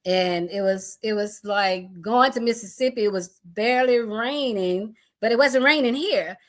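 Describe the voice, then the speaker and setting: A middle-aged woman tells a personal storm story, acting out her family's voices in an animated way. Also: medium pitch, a little slow.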